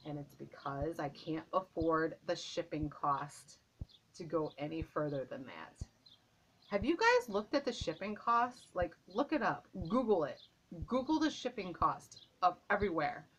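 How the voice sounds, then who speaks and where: Bright, chatty woman vlogger. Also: on the low side, very animated, a little slow, slight background noise, rough recording. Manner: gushing, chatty, repeats herself. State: out of breath. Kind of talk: casual chat to camera. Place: at home, indoors.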